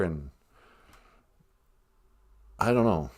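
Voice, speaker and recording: A man hosting a comedy podcast, joking darkly in a deadpan, drawling way. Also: sits low, slow pace, pauses often. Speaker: podcast host.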